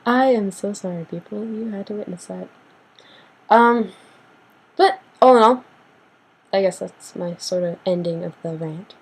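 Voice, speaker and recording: Sassy young woman ranting, husky voice. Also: rough recording. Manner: sassy, animated, acts out quotes with big pitch jumps. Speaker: vlogger. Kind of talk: casual rant to camera.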